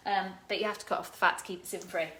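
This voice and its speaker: A woman's voice: medium pitch, fairly even intonation, very fast, noisy background. A woman hosting a live cooking stream from her home kitchen, talking casually and greeting viewers by name. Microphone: phone camera propped on the counter.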